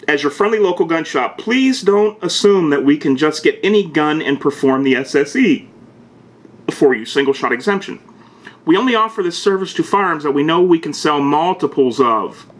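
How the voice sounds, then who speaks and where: A man vlogging, reading a text aloud in a stiff, emphatic voice and breaking off to comment in quick, casual asides. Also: a little high, fairly bright tone. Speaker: gun video host.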